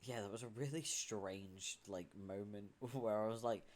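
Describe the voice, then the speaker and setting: A man's voice: lowish voice, a little slow, few pauses. A British man streaming, chatting casually with dry, sarcastic asides. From Britain.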